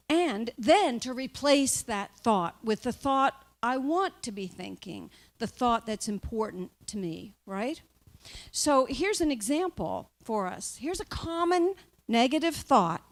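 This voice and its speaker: A woman's voice: a little high, expressive, measured pace. A woman minister giving a conversational spiritual talk to a live group, often asking her listeners "right?".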